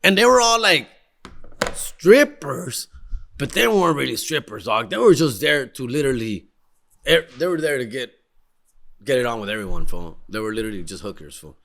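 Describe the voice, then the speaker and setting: Excitable slangy man. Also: medium pitch, moderate pace, creaky. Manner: slangy and excitable, mixing in Spanish. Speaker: podcast host. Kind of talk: casual storytelling.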